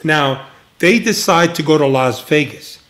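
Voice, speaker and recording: An older man, a retired agent, sitting for a relaxed interview. He spins long stories with a slightly raised pitch, slipping into the voices of people he quotes. Laughter breaks into the telling often. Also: a little slow. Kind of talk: casual storytelling interview.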